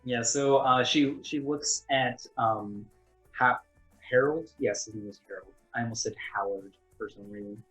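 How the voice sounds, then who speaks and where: A man's voice: medium pitch, normal speed, a bit bright, slightly rough, soft background music, low-quality recording. A man narrating as game master of a tabletop game, rambling with fillers and self-corrections.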